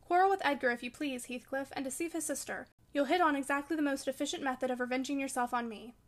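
A woman's voice: high-pitched, fast, lightly acted. A woman reading the part of a proud, fiery young lady of the house in an audiobook, scolding and commanding. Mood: imperious. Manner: imperious and scolding.

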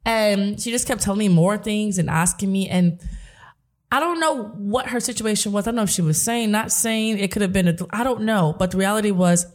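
A woman's voice: medium pitch, a little fast. A woman hosting a podcast, telling stories in a chatty, upbeat way with lots of fillers. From Brooklyn, New York. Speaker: podcast host. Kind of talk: casual podcast chat.

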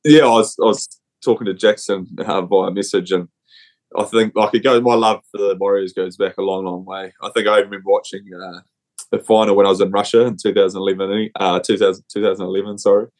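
Kiwi bloke with a cold, young, low monotone, rambling laid-back podcast guest chat. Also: male voice, brisk. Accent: New Zealand. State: has a cold. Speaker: rugby player guest. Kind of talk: casual chat.

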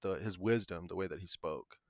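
A man, a podcast guest, telling a paranormal story in an earnest, halting way. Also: low voice, no room sound. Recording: muffled lo-fi audio.

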